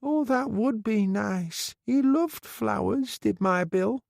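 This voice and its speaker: A man voicing a frail, grateful old widow with a high, thin, quavering voice, in an audiobook reading. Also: slow pace, creaky, darkish tone, no echo, studio quality, full character voice.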